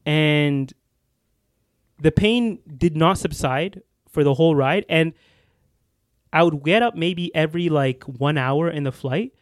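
This young man's voice is on the high side and slow-paced, recorded to studio quality with no room sound. Co-hosting a podcast, he tells a story in casual chat, rambling and restarting often amid fillers.

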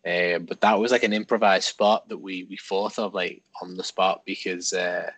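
A man with a very low voice speaks as a podcast guest, explaining in a steady, measured way. His pitch barely moves. The sound is close and dry. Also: dry recording. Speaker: guest, wrestler. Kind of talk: casual podcast talk.

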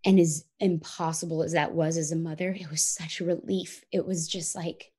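A woman's voice: sits low, steady tone, moderate pace, dark tone, slightly rough. A woman in her thirties, an interview guest telling a personal story in an earnest, reflective way, often saying "like" and "you know".

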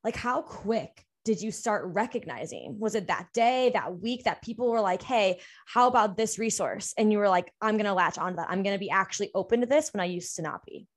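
A woman's voice: medium pitch, lively intonation, fairly quick, hardly any pauses. Woman, podcast host, curious interviewer, supportive listener.

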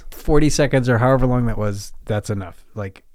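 A male podcast host chatting casually and bluntly, swearing freely as he gives his opinion. His voice sits in a middle pitch and is recorded dry, with no room echo. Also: fast, a little mellow. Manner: profane, blunt commentary. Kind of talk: casual chat.

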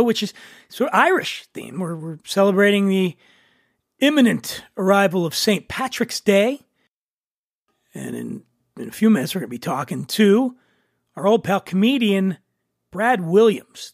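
A man's voice: sits high, vocal fry, dry recording, studio quality. A man hosting a podcast in a loose, jokey, rambling way, mocking himself as he introduces his guests. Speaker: podcast host. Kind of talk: casual podcast talk.

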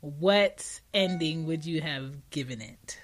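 A woman hosting a parenting podcast, talking casually and telling stories with animated energy. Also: low-pitched, takes it slowly. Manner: animated, lively storyteller. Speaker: podcast host.

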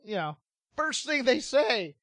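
A man's voice: very high voice, sing-song, slow, fairly bright tone, no echo. A man hosting a podcast, telling stories casually and laughing often. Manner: chatty storyteller, laughs often, frequent restarts. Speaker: podcast host. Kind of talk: casual chat.

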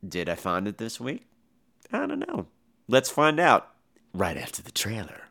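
A man's voice: fairly low pitch, huge pitch swings, unhurried, vocal fry, a bit bright. A man hosting a horror review podcast who talks in a casual, sarcastic way with crude humor. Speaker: podcast host and film reviewer.

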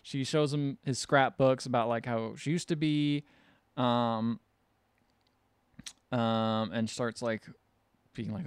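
A man co-hosting a casual podcast, recapping a film in a relaxed, rambling way with swearing. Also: medium pitch, slow, pauses often, clear, resonant tone, no echo. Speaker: podcast co-host. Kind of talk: casual chat.

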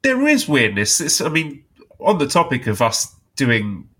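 Husky-voiced, dry-joking podcast host man. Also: mid-range voice, huge pitch swings, unhurried, bright, forceful tone. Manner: dry, self-deprecating joking. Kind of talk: casual comedic podcast chat.

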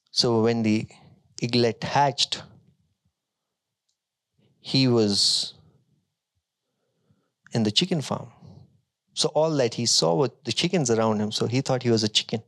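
A male pastor with a mid-range voice delivers an emphatic sermon, moving between strong declarations and quieter stretches of storytelling.

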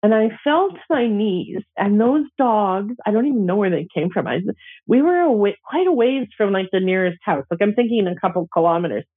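Middle-aged woman elder, slow heartfelt storytelling with pauses, thin phone-like sound. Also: medium pitch, animated, husky. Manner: slow, gentle, emotional telling with pauses. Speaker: Métis elder sharing a personal story. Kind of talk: reflective personal storytelling. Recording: tinny phone-like audio.

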